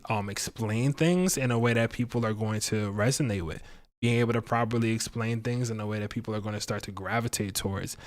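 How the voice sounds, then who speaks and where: A man hosts a relaxed livestream tarot reading, his voice sitting at an ordinary middle pitch. He talks in a loose, playful way, pokes fun at himself and leans on plenty of fillers. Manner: chatty and playful, laughs at himself, many fillers. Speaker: astrology and tarot reader, livestream host.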